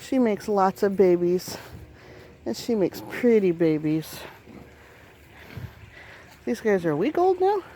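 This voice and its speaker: A woman walks her flooded farm with a handheld phone camera, talking casually and teasing her loose animals. Her voice sits in the middle range. Rushing creek water and outdoor noise run clearly under the recording. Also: medium pitch, expressive, warm tone, poor audio. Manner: chatty, grumbling jokingly at her animals. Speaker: farm vlogger. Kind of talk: casual vlog narration.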